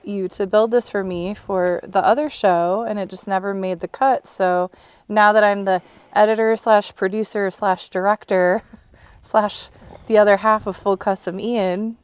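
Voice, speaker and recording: A woman co-hosting a car restoration video, chatting casually, excited and laughing often. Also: mid-range voice, unhurried, smooth, dry recording. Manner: bubbly and excited, laughs often, rambling explanations. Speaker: co-host and producer of a car restoration channel. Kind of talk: casual on-camera chat.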